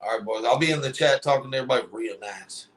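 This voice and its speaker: A man co-hosting a casual livestream chat, talking in a laid-back, low-key way. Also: racing, a crowd in the background. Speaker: co-host.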